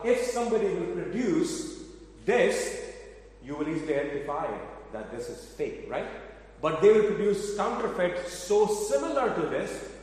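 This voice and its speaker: A man preaching a sermon, telling a story and asking his listeners questions in a conversational way. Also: on the high side. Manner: conversational, addresses audience with questions. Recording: echoey hall from afar.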